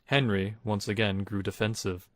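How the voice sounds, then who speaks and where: Low-voiced man narrating a story. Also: little pitch movement, moderate pace, no echo, studio quality. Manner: dramatic reading.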